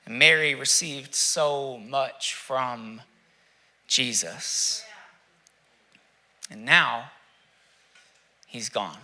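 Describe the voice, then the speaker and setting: A male pastor preaching a sermon, reflective, asking rhetorical questions with dramatic pauses. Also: mid-range voice, expressive, sharp tone.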